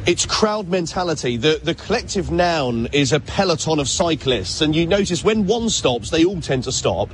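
A man's voice: a little high, very animated, normal speed, hardly any pauses. Male reporter live by a busy street. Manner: chatty, informal reporting. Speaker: radio reporter. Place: street roadside. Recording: faint traffic noise behind.

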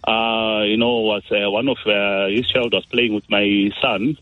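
A man with a fairly low, flat-sounding voice speaks a little slowly over a muffled phone line. Calling into a radio phone-in, he sounds nervous and upset, his voice shaky as he hesitates, uses fillers, and restarts his sentences.

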